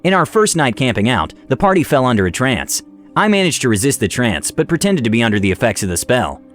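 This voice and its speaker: A man narrating a tabletop role-playing game story as the channel's narrator, in a lively storytelling manner. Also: medium pitch, fast talker, faint music behind.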